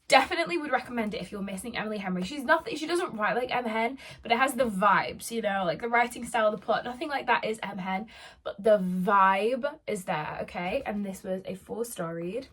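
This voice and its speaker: A woman's voice: on the high side, fairly bright tone. A young woman chatting casually as a book vlogger, dramatic and self-mocking. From United Kingdom. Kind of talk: casual chat.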